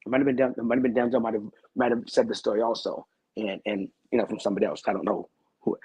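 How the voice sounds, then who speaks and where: Talk-show guest, male, deep and raspy, dry close sound, intense storyteller who repeats himself. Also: flat delivery, fast talker, a little mellow, no room sound, low-quality recording. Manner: rambling, repeats phrases, earnest and intense. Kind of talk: telling a personal story in a talk-show interview.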